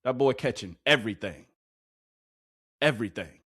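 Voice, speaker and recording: A young man casually breaking down football practice clips, excitable and full of slang, repeating his lines and laughing as he goes. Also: mid-range voice, moderate pace, slightly rough. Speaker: football reaction commentator. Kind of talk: casual hyped clip breakdown.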